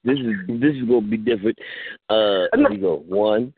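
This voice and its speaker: A man hosting a live call-in radio show, bringing callers on air in a lively, welcoming way. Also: fairly low pitch, normal speed, husky. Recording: tinny phone-like sound.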